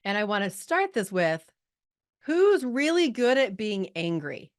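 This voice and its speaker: A woman's voice: medium pitch, big pitch swings, a little slow. Middle-aged woman coach on a group call, chatty, lots of likes and rights, talks right at her people. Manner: chatty, filler-heavy, talks straight to the group. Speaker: business coach.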